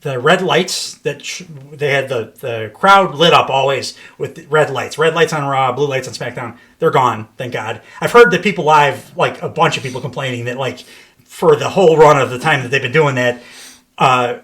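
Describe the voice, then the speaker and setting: Dude rambling on a podcast, lots of um and like, laughs a bunch, swears. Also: male voice, mid-range voice, moderate pace, a bit bright. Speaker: podcast host. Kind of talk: casual wrestling podcast chat.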